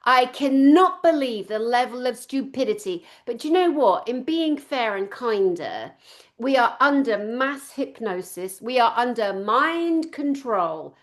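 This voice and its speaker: A middle-aged woman with a southern English accent hosts a casual video chat. She talks in a forceful, sarcastic, ranting way. Her voice sits somewhat high for a woman. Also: animated, a little slow. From Scotland. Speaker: channel host.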